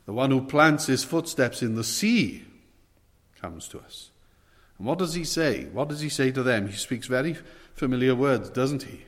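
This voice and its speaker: Emphatic male preacher in a reverberant hall. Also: medium pitch. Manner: emphatic, rising and falling dynamics. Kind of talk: sermon.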